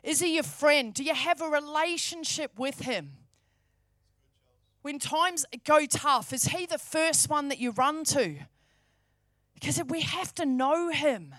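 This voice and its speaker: A woman's voice: sits high, animated, slow pace, a bit bright, no echo, clean studio sound. A woman preaching a sermon, fervent and emphatic, repeating key phrases for stress.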